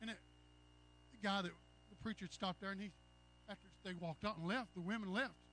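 A preacher with a high voice for a man delivers a sermon. He retells a story in an earnest, rambling way, stacking up "he said"s, then his voice swells into loud, fervent appeals to the congregation. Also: steady tone, brisk, a little hiss or hum.

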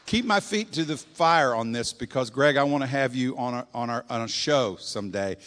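An older man preaching a sermon, telling folksy stories and swinging between loud and soft. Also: medium pitch, animated, normal speed. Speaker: pastor. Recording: long echoing hall reverb.

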